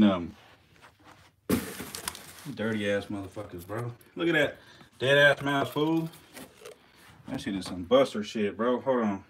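A lively man who swears while feeding his snakes, vlogging casually to a handheld camera that he sometimes sets down. His voice is mid-range with a slight hiss or hum. He jokes, laughs at his own jokes, and chats to the snakes and mice as he works.

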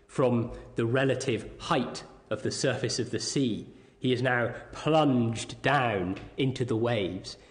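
Male preacher at an evening service, slow and deliberate, mid-pitched, reads scripture aloud. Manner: measured, deliberate delivery, reading scripture aloud. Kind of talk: sermon.

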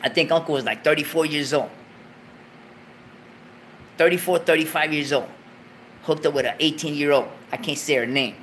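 A man hosting a talk show, telling a story in a profane, animated way, loudly acting out what was said. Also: fairly high pitch, moderate pace, pauses often, a little hiss or hum. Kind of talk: casual storytelling.

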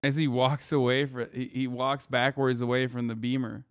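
A man streaming casual reaction commentary, animated and swearing a lot. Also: medium pitch, normal speed, music in the background.

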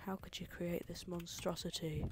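A woman's voice: fairly low pitch, level tone, normal speed, soft background music. A young woman streaming a game, reacting with exasperation and chatting with her viewers. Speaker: streamer playing level requests. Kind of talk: casual live-stream commentary.

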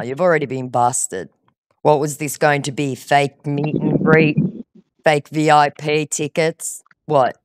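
Sarcastic low-voiced woman scolding a scammer. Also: no echo. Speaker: scam baiter. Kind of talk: phone call, confronting a scammer.

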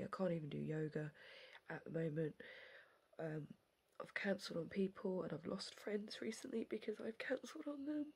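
Brit woman crying on her vlog, gravelly rough voice, stop-start and sorry. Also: lowish voice. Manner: halting, apologetic, often whispering through tears. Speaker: vlogger. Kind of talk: tearful personal vlog.

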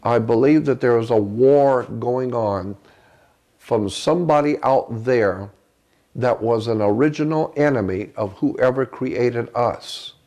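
A man with a gravelly, creaky voice speaks as an interview guest. He recounts a personal story earnestly, often stopping and restarting his sentences. His pitch sits at an ordinary middle level for a man. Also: a little mellow.

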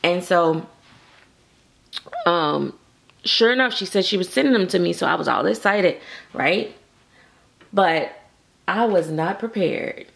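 Chatty woman, gravelly edge. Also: fairly low pitch, slow, pauses often. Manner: chatty, animated, acts out quotes. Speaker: doll collector vlogger. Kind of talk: casual chat to camera.

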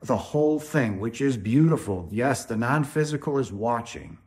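A man's voice: medium pitch, normal speed, a little mellow. A man talks straight to his viewers about spirituality in a loose, preachy manner. He stresses his points hard and keeps tagging sentences with "right?". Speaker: spiritual video host. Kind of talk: informal spiritual talk to camera.

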